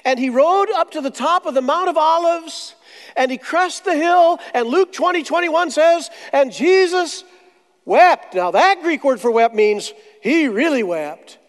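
A man preaching a sermon, telling stories with jokes and slow, dramatic pauses. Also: very high voice, animated. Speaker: pastor. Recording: long hall reverb.

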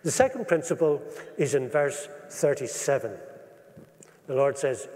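A man delivers a sermon in a steady voice of middling pitch. He speaks earnestly and deliberately and slows down to stress verses. His voice rings with the long reverb of a large hall. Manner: measured, earnest preaching with slowed emphasis on scripture. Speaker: preacher.

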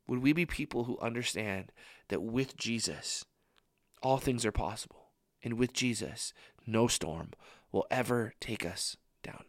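A man's voice: medium pitch, lively intonation, a little slow, no room sound. Man preaching casually, dry close sound. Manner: conversational, many "like" fillers. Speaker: young adult ministry speaker. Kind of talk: casual sermon.

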